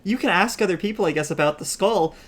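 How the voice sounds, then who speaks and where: A man's voice: sits high, quick pace, fairly bright tone. A man running a tabletop game as game master, chatty and rambling, laughing often.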